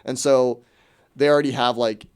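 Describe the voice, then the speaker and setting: A man's voice: medium pitch, steady tone, moderate pace, a little mellow, clear, resonant tone. A young American man hosting a radio show, chatting casually and rambling with lots of restarts. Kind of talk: casual chat.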